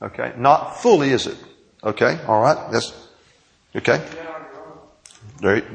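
A man with a gravelly, fry-edged voice delivers a sermon to a class. He draws out key words for emphasis and keeps asking his listeners questions. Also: medium pitch, poor audio. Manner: emphatic, drawn-out phrases, asks the audience questions. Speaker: pastor teaching a Bible class. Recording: taped sermon.

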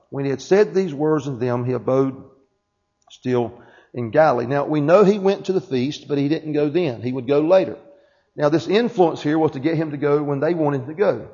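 In a church, a male pastor preaches to his congregation, reading aloud from a book and often checking in with "Amen?" His voice is fairly high and mellow at a normal speed, captured in a dull, lo-fi sermon recording.

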